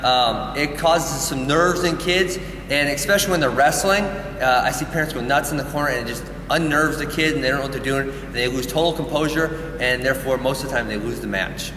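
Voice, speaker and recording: A man's voice: mid-range voice, a little fast, a bit bright. A man, a wrestling coach, giving direct, explanatory advice to parents. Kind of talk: instructional talk. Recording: echoey hall, distant mic, faint noise.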